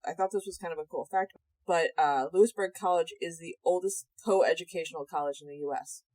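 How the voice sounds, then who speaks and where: A young woman co-hosting a casual podcast chat, animated and sarcastic, swearing freely. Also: on the low side, fairly quick, no room sound, low-quality recording. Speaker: podcast co-host.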